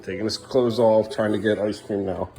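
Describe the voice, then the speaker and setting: A man's voice: lowish voice, fairly even intonation, normal speed, mellow. A man filming his family at home, talking in a sing-song voice to his kids and muttering weary asides. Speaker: parent vlogger. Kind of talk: casual family vlog.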